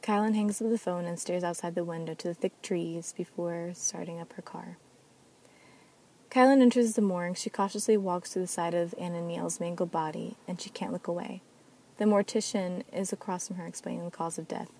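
A woman's voice: lowish voice, steady tone, brisk, dark tone, a little hiss or hum, low-quality recording. A woman narrating an amateur audio drama and reading every part herself. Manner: reads all parts herself. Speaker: narrator and sole reader.

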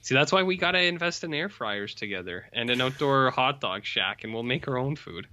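A man in casual chat, making dry, deadpan jokes. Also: medium pitch, fairly quick. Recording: slightly dull audio.

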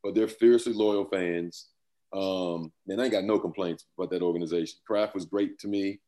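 A man with a very low voice talks through his old playing days, loose and rambling, breaking into laughs. He is in his fifties and speaks as a guest in a casual interview. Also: steady tone, normal speed, dark tone. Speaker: former pro football player, guest.

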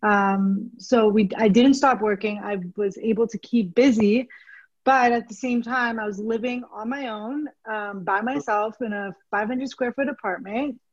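A woman co-hosting a podcast, speaking openly and a little haltingly, with plenty of "um" fillers. Her voice sits fairly high. The recording is dull and lo-fi. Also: steady tone. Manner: candid, lots of "um" fillers. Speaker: podcast co-host. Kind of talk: casual chat.

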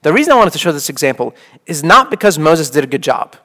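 A man's voice: fairly high pitch, very animated, quick pace, pushed and bright. A man in his thirties, a priest, giving a conversational sermon full of "like" and "okay?". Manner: casual, peppered with "like" and "okay?".

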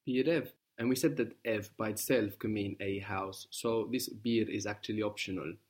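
Guy teaching a language class, patient and encouraging, walks you through it slowly. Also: on the low side, fairly even intonation. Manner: patient, encouraging, explains step by step. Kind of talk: guided spoken language lesson.

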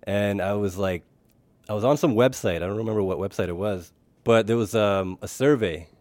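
A man co-hosting a casual podcast interview, giving short relaxed replies and telling his own similar story. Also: lowish voice, normal speed, no echo. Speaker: podcast co-host.

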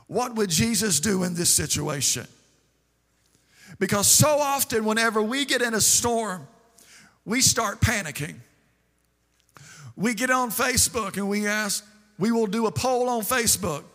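A man preaching a sermon in a sing-song cadence that climbs into shouts, recorded in a church sanctuary. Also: very high voice. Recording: long hall reverb.

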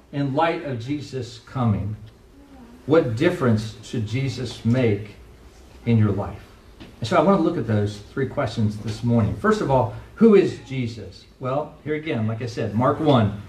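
A male pastor giving a conversational sermon, asking rhetorical questions and acting out quoted lines. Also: medium pitch. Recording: echoey room from far off, faint noise.

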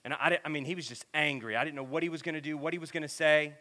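A man preaching, telling a story with animated voices. His voice is bright and forceful, pitched a little high, and drops to a hush before rising loud. It sounds like a sermon from the pulpit. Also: racing.

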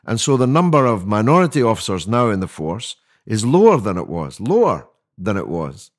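Older guy on a podcast, low-ish voice, punchy rhetorical delivery, keeps restarting. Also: big pitch swings, brisk. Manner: emphatic, rhetorical, many uhs and restarts. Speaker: mayoral candidate guest. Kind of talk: podcast interview.

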